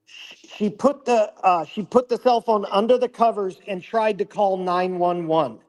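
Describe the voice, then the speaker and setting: A man's voice: high voice, moderate pace, darkish tone, long reverb tail, rough recording. A man on a livestream steadily retelling a police report to the host. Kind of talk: recounting a document on a livestream.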